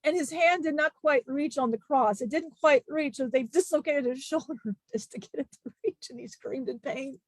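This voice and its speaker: Woman channeling old disciple spirit guy, earnest and grieving, stops and restarts a lot, kinda high, dry sound. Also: no echo, lightly acted. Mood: solemn. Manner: halting, emotional storytelling with many restarts.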